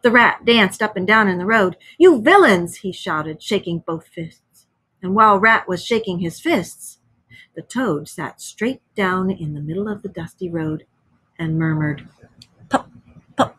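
A woman's voice: fairly low pitch, a little slow, pushed and bright, slightly rough. A woman teacher reads a story aloud expressively, then explains it and asks the children questions. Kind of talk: reading a story aloud to a class.

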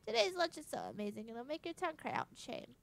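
A woman's voice: sits high, sing-song, fast talker, vocal fry, pitched above the performer's own voice, full character voice. A woman voicing a fussy, melodramatic fish chef who mangles his words. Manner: theatrical, overwrought.

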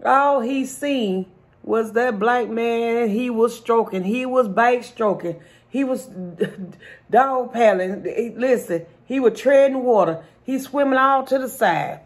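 A woman vlogger and comedian telling a joke while she eats at home. She is half asleep but tells the story in an animated way and laughs often. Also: fairly high pitch, takes it slowly.

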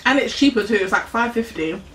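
Brief: giggly young woman hosting an eating vlog, slightly high voice, mic set back with faint room noise. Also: animated, fairly quick, fairly bright tone, distant mic, poor audio. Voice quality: giggly, laughs often. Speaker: YouTube host. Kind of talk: casual mukbang chat.

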